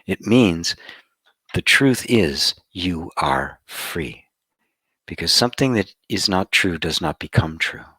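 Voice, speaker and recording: A man with a low voice gives a meditative spiritual talk at an unhurried pace. His tone is bright and forward, and he lets some phrases fall into a hushed whisper. The sound is dry and close. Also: no room sound. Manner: slow, contemplative, drops to soft whispers for emphasis. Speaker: spiritual teacher. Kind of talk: satsang talk.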